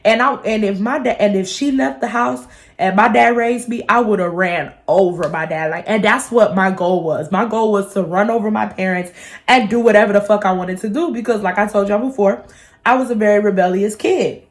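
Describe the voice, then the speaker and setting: A woman in her twenties, a vlogger telling a personal story in a chatty, animated way, swearing freely. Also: medium pitch, normal speed. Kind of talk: casual storytime vlog.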